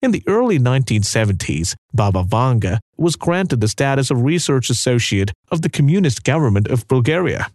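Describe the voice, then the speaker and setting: A man giving measured documentary narration about historical events. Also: mid-range voice, sing-song, a little mellow, dry recording, clean studio sound.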